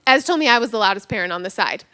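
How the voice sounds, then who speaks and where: A woman's voice: medium pitch, racing. A woman pastor in her thirties preaching a sermon, telling a funny personal story and acting out the lines of the people in it. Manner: animated storytelling with acted-out quotes, self-mocking humor.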